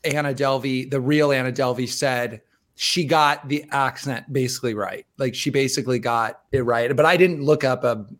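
In casual podcast banter, a young male co-host jokes around, laughs, and restarts himself often. His medium-pitched voice is steady and slightly bright, with a moderate pace.

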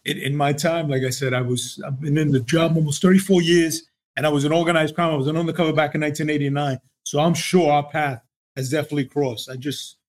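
A man's voice: a little high, steady tone, fast talker. A man in his fifties, a retired undercover officer, telling stories and repeating himself as a podcast guest. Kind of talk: podcast interview.

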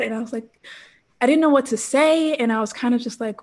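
A woman in her thirties telling a personal story as an interview guest, animated, laughing often and acting out quotes. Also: on the high side, brisk. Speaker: interview guest, former pro cheerleader.

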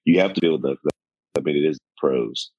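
A man co-hosting a casual sports chat, giving measured opinions with frequent "you know" fillers. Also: a bass voice, a little mellow, husky, dry recording, lo-fi sound.

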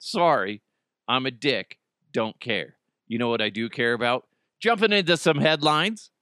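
Male podcast host in his thirties: blunt, crude, self-mocking; bright tone, dry close mic. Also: medium pitch, expressive, a little slow, clean tone, no room sound. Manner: profane, blunt, self-mocking, laughs often. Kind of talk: casual solo podcast rant.

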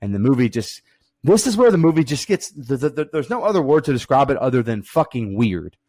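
A man's voice: mid-range voice, big pitch swings, brisk, a little mellow, dry recording. A man co-hosting a casual movie review podcast, blunt, profane and dismissive. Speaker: podcast co-host.

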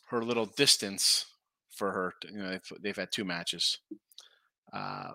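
A man's voice: lowish voice, fairly even intonation, slow, vocal fry, pushed and bright, dry recording. A middle-aged man hosting a casual live sports betting stream, rambling through picks, stumbling over his words and reading viewer comments aloud. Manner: rambling, self-interrupting, reads chat comments aloud. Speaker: sports betting show host.

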